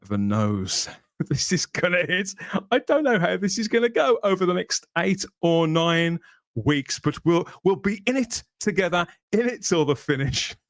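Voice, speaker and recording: A man's voice: high voice, sing-song, moderate pace, dry recording, clean studio sound. Chatty jokey male podcast host. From Birmingham, England. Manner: jokey, chatty, laughs often. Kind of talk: casual livestream podcast chat.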